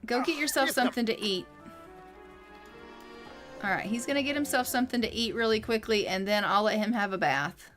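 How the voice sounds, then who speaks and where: A woman's voice: fairly high pitch, fairly quick, pauses often, fairly bright tone, soft background music. A woman streaming a life sim game, chatting playfully through casual gameplay commentary. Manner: chatty, playful, voices her game characters.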